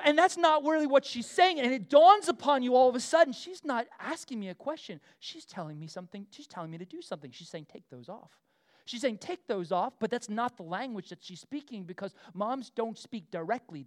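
A middle-aged man preaching a casual, animated sermon, full of asides, fillers and quick questions to the room. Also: very high-pitched. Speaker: pastor.

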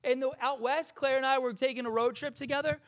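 Quick-paced and very high-voiced, a young New Jersey man with a New Jersey accent preaches as a pastor. He tells stories with animation and keeps restarting them.

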